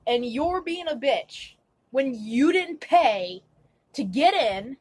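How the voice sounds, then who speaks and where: A woman's voice: sits high, dry recording. A young woman vlogging an emotional, swear-filled rant, apologetic and shaky as she tells her story. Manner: upset, ranting with frequent swearing.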